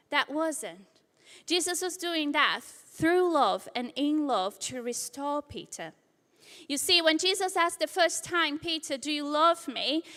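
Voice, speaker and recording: A woman's voice: sits high, bright, forceful tone, long reverb tail. A woman preaching a sermon in a church, retelling a scripture story with acted-out quotes. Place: church hall.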